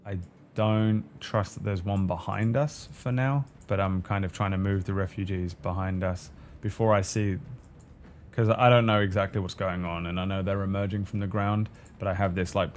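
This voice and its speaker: A man's voice: sits low, steady tone, normal speed, a little hiss or hum. A man playing a tabletop game, talking casually and swearing freely. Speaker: player.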